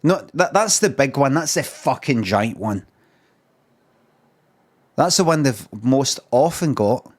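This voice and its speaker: A middle-aged Scottish man rambling through a comic rant on a live stream. He swears constantly, circles back and repeats himself, and keeps a plain, average pitch. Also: expressive, takes it slowly, pauses often.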